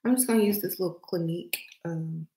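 A woman's voice: lowish voice, fairly quick, warm tone, poor audio. A middle-aged woman with a Southern accent chatting casually through a makeup tutorial, playful and often dropping to a murmur. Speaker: beauty vlogger.

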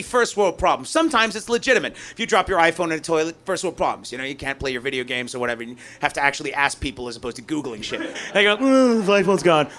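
A man from North America doing a loud, profane, ranting stand-up comedy set on a club stage. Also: high voice.

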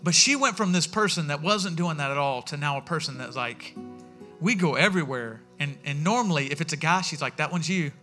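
A man preaching a sermon as pastor in a church, telling stories in a lively way and acting out what people said. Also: a little high, a little fast, soft background music. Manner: animated storytelling, acting out quotes.

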